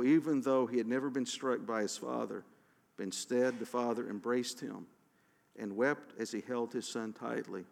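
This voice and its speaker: A man reading a story aloud in a steady, dramatic manner, with a few restarts, recorded with a long hall reverb. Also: medium pitch, creaky.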